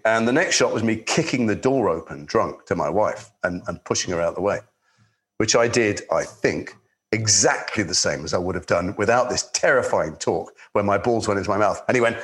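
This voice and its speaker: A man with a London accent, an actor telling anecdotes in relaxed chat, with many restarts. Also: on the low side, moderate pace. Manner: lively storyteller, swears in quotes, many restarts. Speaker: actor guest.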